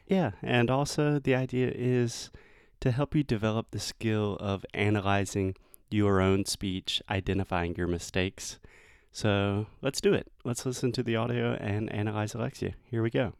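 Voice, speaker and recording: A man with a Southern US accent, an English teacher giving pronunciation feedback and slowly modelling the sounds. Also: on the low side, steady tone, creaky, smooth, dry recording, clean studio sound.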